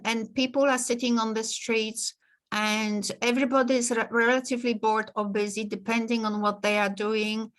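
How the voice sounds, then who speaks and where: A woman lectures her class over a video call. Her voice sits a little high, and she keeps the talk lively and conversational, laughing now and then. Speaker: teacher. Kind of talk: online lecture.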